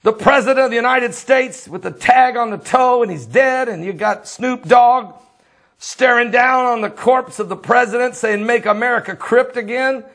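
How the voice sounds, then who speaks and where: A man who is a preacher, delivering impassioned commentary full of repeated rhetorical questions and sometimes rising to a shout. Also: extremely high pitch, normal speed. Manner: fiery, rhetorical questions, repetitive.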